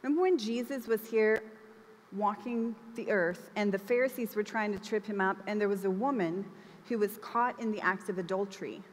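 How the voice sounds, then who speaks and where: A young woman preaching a sermon in a church, conversational and expressive, acting out the lines she quotes. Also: medium pitch, moderate pace, a little hiss or hum. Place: church hall. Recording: reverberant church hall.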